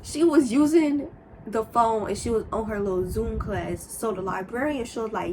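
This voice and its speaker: A young woman telling a casual storytime, rambling and animated, with sudden high exclamations. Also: moderate pace, noisy background. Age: young adult. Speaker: storyteller vlogger.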